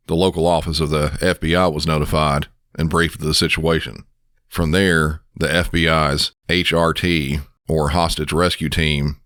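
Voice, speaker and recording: A man hosting a podcast, a dispatcher narrating a case in a measured, serious way. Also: rumbling low, a bit bright, no room sound, studio quality. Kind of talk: scripted narration.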